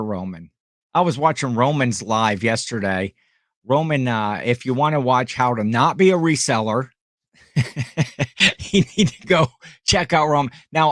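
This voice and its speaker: A man's voice: medium pitch, a bit bright, no room sound, studio quality. A middle-aged man from Ohio hosting a casual live stream at home, rambling and greeting viewers by name.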